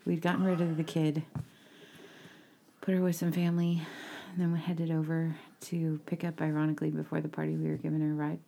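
A middle-aged woman co-hosting a podcast, chatting casually in a relaxed, teasing way. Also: low voice, fairly quick, creaky, a little hiss or hum. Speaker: podcast co-host. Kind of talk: casual chat.

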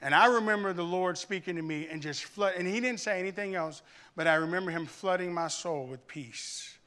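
A man from Arkansas preaching a sermon in church, telling a personal story and building to loud, emphatic preaching. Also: sits high, fairly quick, clear, resonant tone. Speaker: pastor.

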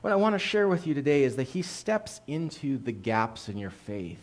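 A man preaching to a church congregation, telling a story with playful asides and quick shifts between joking and earnest appeal. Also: medium pitch, lively intonation. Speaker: pastor. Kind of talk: sermon. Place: church sanctuary.

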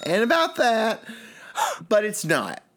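A man's voice: sits high, huge pitch swings, slow, fairly bright tone. A man co-hosting a comedy podcast, riffing playfully with mock-dramatic asides. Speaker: podcast co-host. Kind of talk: casual comedic chat.

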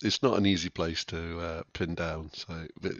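A man co-hosting a podcast chimes in with short, agreeable remarks that often trail off. His voice is low. The recording is dull and lo-fi, and dry, with no room echo. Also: fairly even intonation, moderate pace. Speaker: podcast co-host. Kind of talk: casual chat about a TV show.

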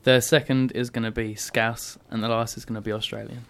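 A man's voice: mid-range voice, little pitch movement, brisk, gravelly, slight background noise. A man appearing as an actor guest on a radio show. He chats in an easygoing way and laughs easily. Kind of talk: casual radio chat.

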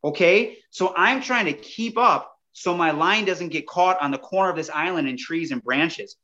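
A man, a podcast guest, telling a story in a casual, animated way and often addressing the listeners directly. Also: on the high side, normal speed, lo-fi sound.

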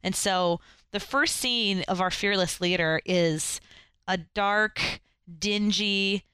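A woman co-hosting a casual film discussion podcast, retelling the plot in an animated way. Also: mid-range voice, takes it slowly, clean tone, no echo. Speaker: podcast co-host.

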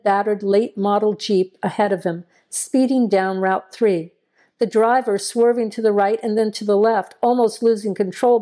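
Woman narrator for a horror story, mellow and warm, measured delivery. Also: medium pitch.

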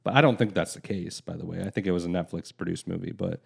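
A man in a casual movie chat, relaxed and agreeable, thinking aloud. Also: low voice, quick pace, vocal fry, slightly rough.

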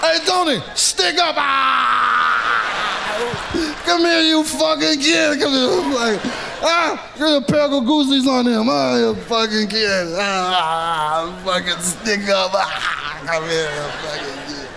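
A man voicing a loud, jovial middle-aged mobster boss who shouts and laughs with gruff bluster. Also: extremely high pitch, slow, background noise, voice pushed up, heavily acted. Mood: boisterous.

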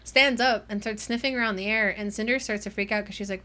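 A young woman co-hosting a book podcast, recapping the story in a casual, animated way with lots of laughter and "like" fillers. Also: mid-range voice, fast talker.

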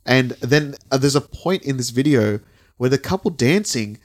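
A man's voice: medium pitch, animated, normal speed. A man co-hosting a casual podcast, rambling as he describes a video and swearing freely. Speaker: podcast co-host.

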